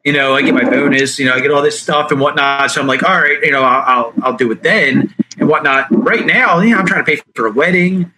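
Young man, slightly high bright voice, halting, filler-heavy, casual chat. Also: a little hiss or hum, low-quality recording. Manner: hesitant, repeats himself, lots of fillers like "you know". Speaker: podcast co-host.

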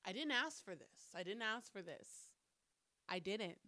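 Alone on her podcast, this host vents with blunt, profane talk, recorded through a camera mic. She has a medium-pitched, sharp-toned voice with lively intonation and an unhurried pace.

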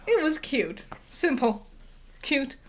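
A woman's voice: high voice, very animated, slow pace, a little hiss or hum. A woman co-hosting a podcast in casual chat, rambling through asides and laughing often. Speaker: podcast co-host.

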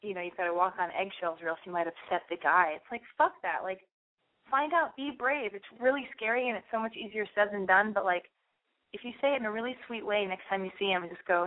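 A woman's voice: medium pitch, fast talker. A woman hosting an advice show, giving a caller frank, blunt advice and acting out sample lines. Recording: phone-like radio audio.

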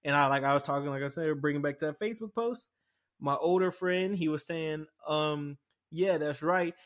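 Young man, podcast host, casual rambling chat, slightly high voice, lots of fillers. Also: a little fast. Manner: rambling storytelling with many fillers and restarts.

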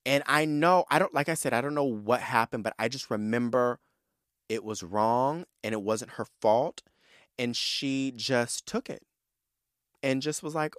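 A young adult man from San Diego hosts his own podcast, spinning personal stories in a loose, chatty flow. He curses freely and throws sass straight at his listeners. His voice sits in an ordinary middle pitch, recorded close with a dry, deadened sound. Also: unhurried, dry recording. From San Diego, California. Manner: animated, profane and sassy, addressing listeners directly. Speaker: podcast host. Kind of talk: casual solo storytelling.

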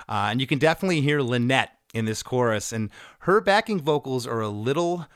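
An energetic man hosts a relaxed music conversation, picking apart a song section by section. He quotes lyrics in playful voices and sounds close and dry on the mic. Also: mid-range voice, brisk, hardly any pauses, no echo. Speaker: podcast host. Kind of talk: casual music chat, breaking down a song.

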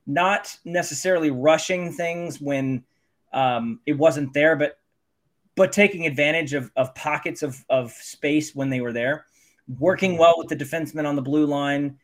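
Male co-host, slightly high voice, casual analytical sports talk. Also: moderate pace. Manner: analytical, stat-focused breakdown. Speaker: podcast co-host.

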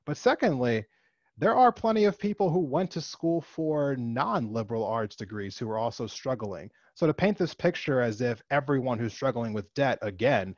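A man's voice: medium pitch, expressive, normal speed, no echo. Male commentator, passionate opinion monologue, filler-heavy, emphatic peaks, dull dry recording. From United States. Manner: impassioned, rising to emphatic outbursts; frequent fillers like "you know" and "like". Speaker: political commentator.

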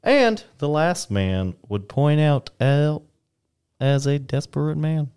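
A man's voice: on the high side, lively intonation, slow, a little mellow, clean tone. A young man casually reading old newspaper history on a podcast, with playful asides and the odd put-on voice.

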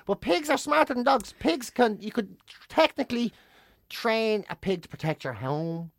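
A man's voice: high voice, moderate pace, creaky, dry recording. Ranting man co-hosting. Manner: animated ranting, emphatic repetition, swearing. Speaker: podcast co-host. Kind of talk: casual chat.

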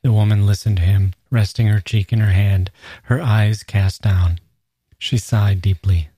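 Male podcast host, warm mellow voice, dry close mic, reading a passage aloud. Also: on the low side, fairly even intonation, a little slow, slightly rough, dry recording.

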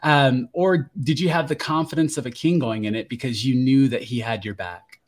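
A man's voice: mid-range voice, moderate pace. A man hosting a podcast, interviewing casually and animatedly acting out other people's voices as he tells stories. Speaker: podcast host.

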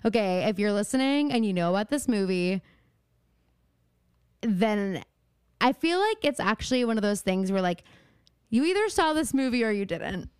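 A woman's voice: mid-range voice, animated, normal speed, long pauses, clear, resonant tone, no echo, studio quality. A young woman co-hosting a podcast in casual chat, rambling with lots of fillers and giggles. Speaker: podcast co-host.

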